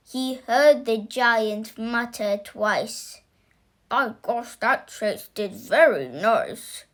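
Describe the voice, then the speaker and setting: Woman reading a rhyme story, high voice, really slow and lively. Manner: animated, expressive storytelling. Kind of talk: reading a rhyming story aloud.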